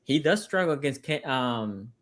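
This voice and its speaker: A man's voice: mid-range voice, expressive, moderate pace. A man on a sports podcast debating his team's game, stressing points by repeating them. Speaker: sports podcast panelist, team fan.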